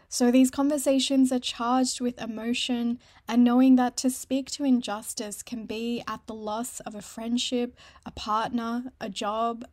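A woman presenting a scripted podcast introduction in an earnest, measured way. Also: on the high side, darkish tone, no echo, clean studio sound.

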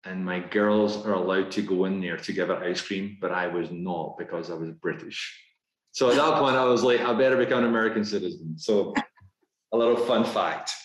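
A man with a Scottish accent, a guest talking in a casual podcast interview, brisk and upbeat with lots of fillers. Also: low voice. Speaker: guest executive. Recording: roomy echo.

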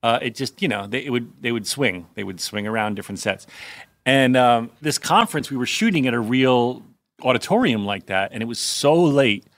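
A man's voice: mid-range voice, expressive, fairly bright tone, dry recording. Casual chatty man, dry close mic. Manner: rambling, profane, quick asides. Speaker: podcast co-host. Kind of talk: casual rewatch chat.

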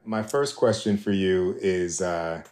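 A man hosting a conversational podcast interview, relaxed and dotted with fillers. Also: low-pitched, slow pace, echoey room. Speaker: podcast host.

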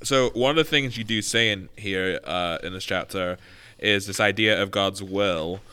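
A man's voice: sits low, moderate pace, pushed and bright, clean tone. A man hosting a podcast who asks thoughtful, somewhat hesitant questions. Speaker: podcast host. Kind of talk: casual chat.

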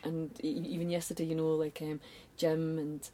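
A woman's voice: sits low, normal speed, a little hiss or hum. A middle-aged Scottish woman, a design agency founder, chatting as an interview guest and acting out quoted voices with swearing and laughs. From Scotland. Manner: animated storyteller, acts out quoted voices, swears, laughs often. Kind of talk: casual interview chat.

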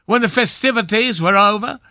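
A man playing a pompous, knighted swashbuckling film star of a certain age, speaking in a grand, drawn-out theatrical manner on a radio comedy bit. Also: sits high, bright, forceful tone, no echo, clean studio sound, exaggerated voice. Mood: droll grandiose.

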